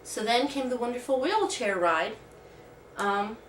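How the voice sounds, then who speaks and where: A woman's voice: on the high side, expressive, measured pace, a bit bright, slight background noise. A woman vlogger telling a personal story in casual, rambling talk full of "like". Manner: rambling, heavy use of "like". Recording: roomy sound from a distant mic.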